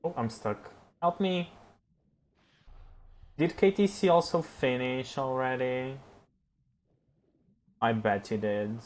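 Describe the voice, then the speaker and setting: A man streaming a game live, chatting to his viewers, reacting loudly and swearing as he plays. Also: mid-range voice, slow pace, long pauses. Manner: excitable, swears, talks to chat. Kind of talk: live gameplay commentary.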